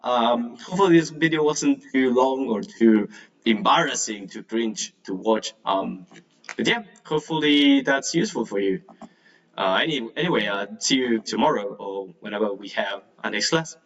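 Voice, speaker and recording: Man, English teacher, casual online lesson, creaky voice, distant mic. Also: mid-range voice, animated, normal speed, lo-fi sound. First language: Spanish. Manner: chatty, filler-heavy, laughs nervously. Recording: distant mic, degraded audio.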